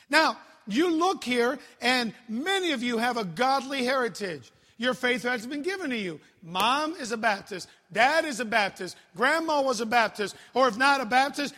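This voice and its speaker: A middle-aged man preaching as a youth pastor, telling jokes and stories in an animated way. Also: extremely high pitch. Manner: animated, joking storyteller. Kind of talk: sermon. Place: church. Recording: long hall reverb.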